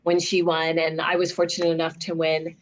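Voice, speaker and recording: A woman's voice: sits low, monotone, a little fast. A woman sharing memories in a casual video call, upbeat and chatty.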